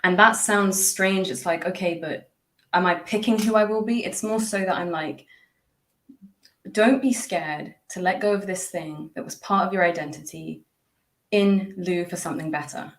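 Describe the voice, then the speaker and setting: As a guest on a podcast, a woman with a lowish voice talks at a moderate pace in a casual, reflective way. She is chatty, laughs often, and her interview talk is full of fillers and restarts.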